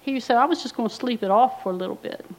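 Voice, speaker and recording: A woman's voice: on the high side, quick pace, poor audio. A middle-aged woman giving a personal recovery testimony, telling her story bluntly and wryly, with quoted asides. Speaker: recovery speaker.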